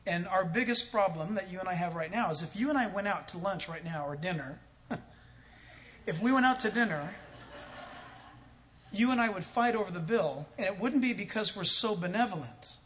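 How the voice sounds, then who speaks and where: A man's voice: high voice, animated, normal speed, a bit bright. A man telling a story in a sermon as a pastor, acting out both sides of a conversation and chuckling often.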